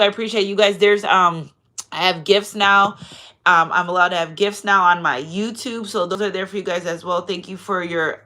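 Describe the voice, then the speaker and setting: Brief: woman tarot reader, chatty and digressive, bright and forceful tone, effusive with viewers. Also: medium pitch. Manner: chatty and digressive, often asks "you know what I'm saying"; effusive and emotional when thanking viewers. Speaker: tarot card reader and channel host. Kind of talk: casual spiritual card reading to camera.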